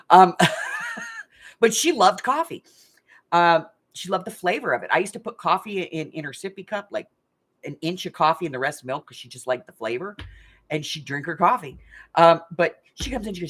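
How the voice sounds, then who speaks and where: A deep, fairly bright woman's voice belongs to a middle-aged craft channel host running a casual live stream game. She's chatty and rambling, laughing often as she tells stories in a hot room at home.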